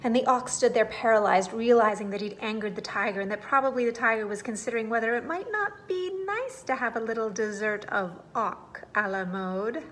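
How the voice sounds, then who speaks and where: A woman reading a children's bedtime story aloud in an expressive, animated way. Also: a little high, fairly quick, hardly any pauses, a little hiss or hum.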